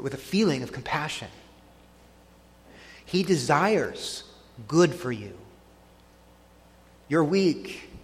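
A man preaching a sermon, earnest and emphatic, slowing down to stress key phrases. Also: mid-range voice, in a large hall. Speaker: pastor.

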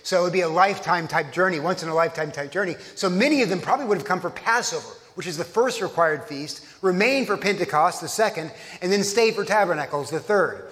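Preacher in a reverberant hall. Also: male voice, high voice, quick pace, few pauses, a bit bright. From Texas. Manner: conversational preaching with frequent restarts. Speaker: pastor. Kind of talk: sermon.

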